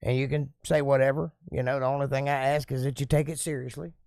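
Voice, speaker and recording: Talking fast, a relaxed man reads viewer comments on his live stream and answers them one by one in a folksy tone. His voice is gravelly and mid-pitched, captured close and dry with no room sound at all.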